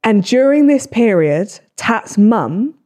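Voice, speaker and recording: A young woman, hosting a podcast and telling stories in casual chat, swearing freely. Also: fairly high pitch. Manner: swearing, quick animated storytelling. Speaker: podcast host.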